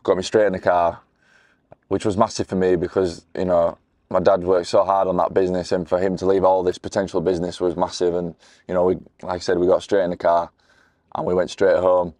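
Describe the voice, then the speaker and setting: A man's voice: sits low, little pitch movement, brisk, darkish tone, dry recording. A man in his twenties talking to camera, telling his own story in an earnest, candid way with many restarts and "you know" fillers. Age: 20s. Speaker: motivational speaker. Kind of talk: personal testimony to camera.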